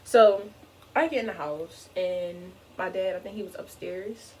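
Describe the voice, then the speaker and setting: Young woman vlogger, animated storyteller, lowish voice, faint hiss behind. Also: a little slow, low-quality recording. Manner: animated, fills speech with "like". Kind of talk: casual storytime.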